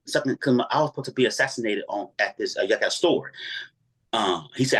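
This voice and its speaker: A man's voice: mid-range voice, quick pace, breathy edge. A man telling a dramatic personal story as an interview guest, acting out each voice in it. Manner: animated, acts out every voice in his story.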